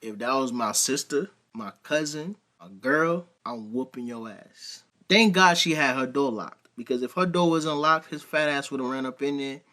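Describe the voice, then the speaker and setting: A man's voice: mid-range voice, moderate pace, few pauses, pushed and bright. A man hosting a reaction video, commenting in a blunt, emphatic, casual way.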